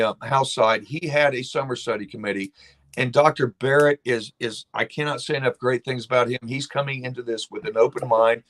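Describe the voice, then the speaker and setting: A man speaking as a guest lawmaker on a talk show, his voice sitting at an everyday middle pitch. He talks in an emphatic, blunt way and drifts into storytelling. His delivery is impassioned. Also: a bit bright.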